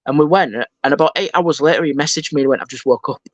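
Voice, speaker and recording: A man, a guest on a podcast, telling stories in an animated way and acting out what people said. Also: a little high, quick pace, dry recording, muffled recording. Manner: animated storyteller, acts out quotes. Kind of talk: casual podcast interview.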